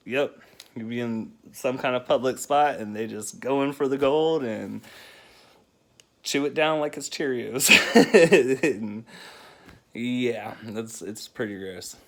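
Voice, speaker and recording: A man's voice: medium pitch, slow, vocal fry. A man, a single father, hosting a casual countdown vlog, laughing often as he tells loose, rambling stories.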